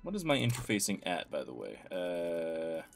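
Man, let's play host, casual commentary, animated pitch, amused, soft music behind. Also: normal speed, gravelly. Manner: casual, amused, reads dialogue aloud.

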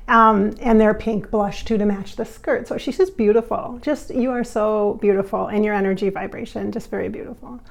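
A woman's voice: medium pitch, fairly even intonation, moderate pace, gravelly. A woman hosting a spiritual vlog, talking in an effusive, giggly way with frequent laughs. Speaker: channeler and vlog host. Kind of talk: casual spiritual vlog talk.

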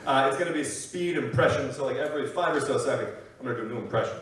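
A young man doing energetic stand-up comedy on a university stage, often asking "okay?". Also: mid-range voice, racing. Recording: echoey room, distant mic, loud noise.

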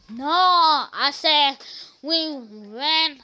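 A woman streamer plays out silly skits in a high, bright voice. She talks slowly between loud, playful shouts. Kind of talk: comedic skits with character voices.

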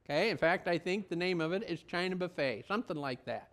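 A man's voice: high-pitched, expressive, quick pace, a bit bright. Folksy rambling male pastor. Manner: rambling and folksy, with many restarts and asides. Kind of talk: conversational sermon.

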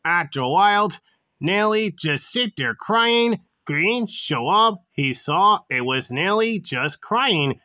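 A woman's voice: fairly low pitch, expressive, slow, pushed and bright, no room sound. A woman narrating a homemade school story in a plain, unpolished way.

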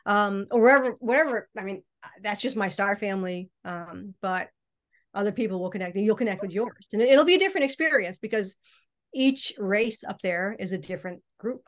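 The woman here, a guest mystic in a casual podcast conversation, sounds animated and a little fast in her mid-range voice. Her talk wanders with frequent false starts and pauses, recorded remotely or in a studio.

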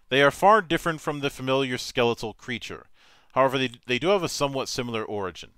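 A man reads tabletop game rules aloud as game master, steady and matter-of-fact, tripping over the odd word. His voice is bright and forceful. The sound is dry and close. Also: medium pitch, smooth, no room sound. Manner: measured, matter-of-fact reading with small stumbles.

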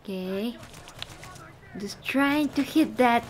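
A woman's voice: mid-range voice, measured pace, long pauses, slight background noise. A woman giving casual gameplay commentary, chatting to herself and exclaiming at the game. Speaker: gaming channel host.

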